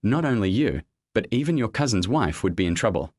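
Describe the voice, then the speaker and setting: A man's voice: fairly low pitch, big pitch swings, a little fast, a little mellow, dry recording. A man voicing a scheming, contemptuous young man in a narrated web comic recap, taunting and sneering.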